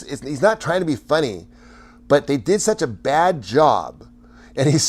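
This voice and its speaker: A man hosting a casual livestream, chatting with viewers in a rambling way, often stammering, restarting and laughing. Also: fairly high pitch.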